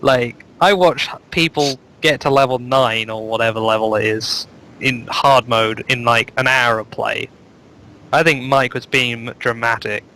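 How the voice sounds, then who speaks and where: A man's voice: mid-range voice, steady tone, measured pace, sharp tone, poor audio. A man co-hosting a live chat show, reading out the latest runs in a rambling, joking way full of fillers, speaking over a home microphone on an online call. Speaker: co-host reading out new speedruns.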